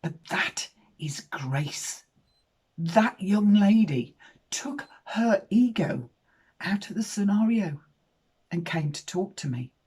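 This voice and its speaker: A woman in her fifties tells a personal story frankly, swearing and swinging in loudness for emphasis. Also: medium pitch, expressive, slow pace, breathy edge. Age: 50s.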